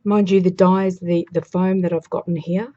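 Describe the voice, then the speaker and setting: A woman's voice: lowish voice, little pitch movement, moderate pace, warm tone, lo-fi sound. A woman demonstrating a craft project in a chatty, casual way, thinking aloud as she works. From Australia.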